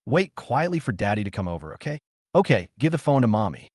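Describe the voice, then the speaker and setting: A man's voice: on the low side, sing-song, fast, darkish tone, no echo, studio quality. A man voicing a bitter, resentful young street vendor. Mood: gentle.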